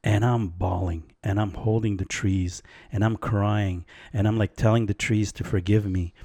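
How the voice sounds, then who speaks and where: A man telling a story in casual podcast chat, animated and laid-back, often saying "man" and "like". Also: lowish voice, moderate pace, no echo.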